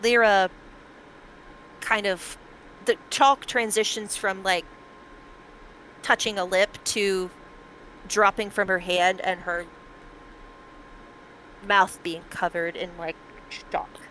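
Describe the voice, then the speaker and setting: A woman's voice: mid-range voice, fairly even intonation, slow, pauses often, fairly bright tone, slight background noise, rough recording. A woman acting as game master, narrating a tabletop game in a chatty way with plenty of fillers.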